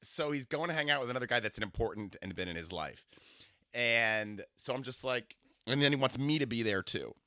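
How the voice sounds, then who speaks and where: A man's voice: medium pitch, brisk, dry recording, clean studio sound. A man hosting a comedy podcast, telling a rambling story with lots of restarts. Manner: rambling, animated, full of fillers and restarts.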